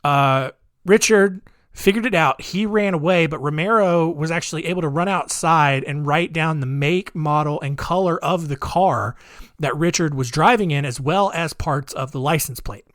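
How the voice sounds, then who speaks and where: A man's voice: fairly high pitch, moderate pace, a bit bright, no room sound, clean studio sound. A man hosting a podcast, telling a true-crime story in a rambling, jokey way full of asides. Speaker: podcast host.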